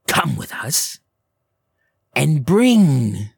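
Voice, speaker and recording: A man voicing cruel old hags who gloat and hunger for human flesh, stretching their words out slowly. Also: on the high side, very animated, vocal fry, husky, dry recording, studio quality, pitched above the performer's own voice, full character voice. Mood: taunting. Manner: taunting, gloating, drawn-out words.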